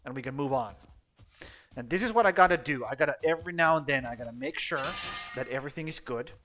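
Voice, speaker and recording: A man's voice: medium pitch, animated, fast, bright, forceful tone. A man chatting casually while streaming a game, rambling and swearing bluntly. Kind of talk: casual gameplay chat.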